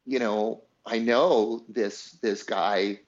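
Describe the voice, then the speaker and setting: In an interview, a songwriter guest shares a story from his own life, doing the voices of those he quotes and laughing as he goes. He speaks slowly in a lowish voice, and the recording sounds muffled.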